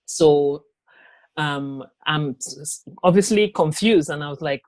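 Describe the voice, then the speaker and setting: A woman telling her own story in an interview, speaking haltingly with many fillers and restarts. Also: low voice, darkish tone, no echo. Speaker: interview guest. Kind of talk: personal testimony in an interview.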